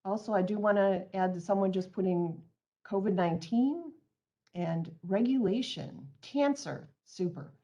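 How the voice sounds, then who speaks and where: A woman's voice: medium pitch, unhurried, warm tone. A woman presenting an online training webinar, reading out audience answers and then explaining her points earnestly, on a computer mic.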